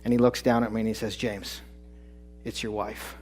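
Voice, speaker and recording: A man in his forties on stage before a live audience, telling a personal story with building tension, loud peaks and hushed drops. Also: on the low side, level tone, normal speed, soft background music. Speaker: speaker at a live talk event. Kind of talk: dramatic personal storytelling talk.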